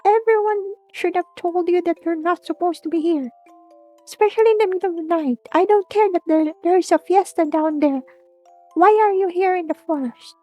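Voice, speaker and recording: A woman's voice: very high-pitched, normal speed, few pauses, soft background music. A woman voicing a stern old village man who scolds children for being out at night. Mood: scolding. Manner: scolding, gruff and protective.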